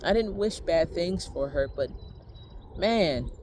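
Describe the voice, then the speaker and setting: A woman's voice: fairly low pitch, animated, takes it slowly, a little mellow, a little hiss or hum. A woman telling a personal faith testimony in an earnest, prayerful way, repeating phrases for emphasis. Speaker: vlogger sharing a personal testimony.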